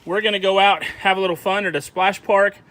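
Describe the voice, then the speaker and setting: A man's voice: high voice, steady tone, a little fast, fairly bright tone. A man hosting a casual cooking video, chatting through each step for the viewer. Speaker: cooking show host. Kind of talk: casual how-to cooking narration.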